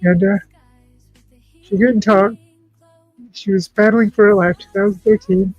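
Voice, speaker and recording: A man hosting a livestream in casual chat, talking in an emotional, halting, heartfelt way. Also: high voice, fairly even intonation, a little mellow, dry recording, dull audio, faint music behind. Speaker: livestream host.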